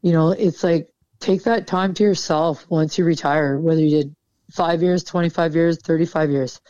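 A woman's voice: low voice, steady tone, normal speed, mellow, no echo. A woman military veteran talking candidly in an interview, casual and frank, swearing freely. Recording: dull, dry sound.

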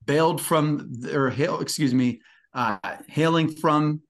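Rambling excited man reviewing wrestling. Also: a little high, slow pace. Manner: excited, rambling, many fillers. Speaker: podcast co-host. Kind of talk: casual wrestling review chat.

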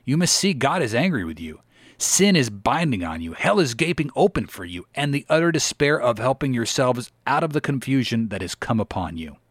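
A man preaching a sermon with solemn, exhorting weight and old-fashioned scriptural phrasing. His voice sits at a middling pitch. The recording is dry and close, with no room sound. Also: big pitch swings, brisk, breathy edge, no room sound.

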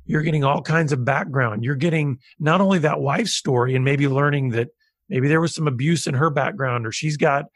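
A man's voice: a little high, moderate pace, dry recording, studio quality. A man hosting an interview, asking long, thoughtful questions. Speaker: podcast host.

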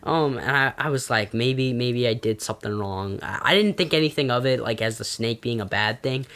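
Young man, casual chat, rambling storyteller, animated, lots of fillers. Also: mid-range voice, normal speed. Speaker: storyteller guest.

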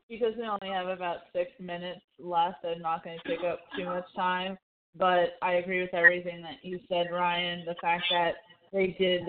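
Flat, low-voiced woman host on a phone line. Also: slight background noise. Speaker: podcast host. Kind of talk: casual movie review chat.

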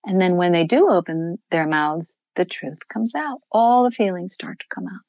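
A woman's voice: on the low side, normal speed, no room sound, dull audio. An older woman, a voice coach, talks in a podcast interview and shifts her voice up and down to show what she means. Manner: expressive, demonstrates voices while explaining.

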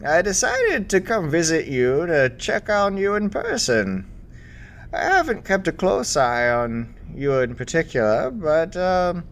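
A man's voice: a little high, pitched above the performer's own voice. A man voicing a very old female Jedi grandmaster who talks in a kindly, rambling way. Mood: warm.

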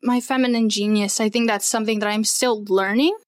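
A woman in her twenties, a musician, speaking as an interview guest and telling a personal faith story in an earnest, animated way. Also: mid-range voice, fairly quick, dry recording. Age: 20s.

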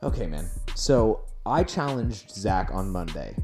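A man's voice: deep voice, very animated, measured pace, music in the background. A young Canadian man hosting a podcast, telling rambling stories in casual chat and laughing often. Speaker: podcast host.

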